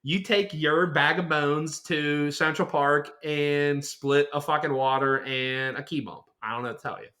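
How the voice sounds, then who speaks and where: A man's voice: on the high side, steady tone, moderate pace, few pauses, pushed and bright. A man co-hosting a casual podcast, boisterous and profane, with a Western Pennsylvania accent, often slipping into exaggerated impressions. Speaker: podcast co-host. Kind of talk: casual chat.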